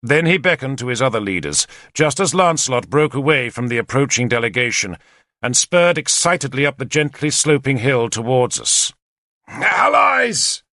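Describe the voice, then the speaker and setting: A man narrating an audiobook in the first person, with expressive, lively storytelling on a close mic. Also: mid-range voice, normal speed, no room sound.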